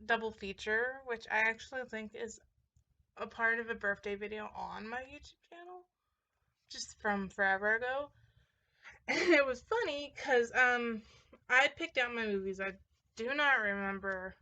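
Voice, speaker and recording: A woman's voice: fairly high pitch, a little slow, pushed and bright, muffled recording. A young woman chatting casually in a vlog, rambling with lots of fillers and little laughs as she talks. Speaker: vlogger showing a movie collection. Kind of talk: casual chat.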